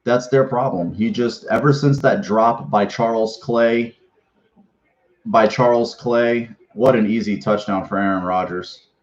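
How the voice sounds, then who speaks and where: A man's voice: fairly low pitch, unhurried, muffled recording. A man hosting a fan sports podcast in a casual, rambling way, swearing freely and restarting his sentences often. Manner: rambling, profane, with many restarts and fillers.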